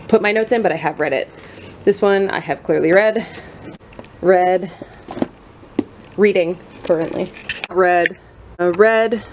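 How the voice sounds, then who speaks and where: A young woman book vlogger chatting to camera at home among her bookshelves, self-mocking and quick to laugh. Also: lowish voice, darkish tone, a little hiss or hum. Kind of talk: casual chat to camera. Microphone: camera mic.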